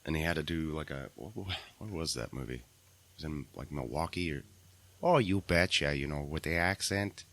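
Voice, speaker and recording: A man's voice: a bass voice, animated, brisk, a bit bright. A man co-hosting a podcast, chatting casually and offhandedly about an actor's films. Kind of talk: casual chat.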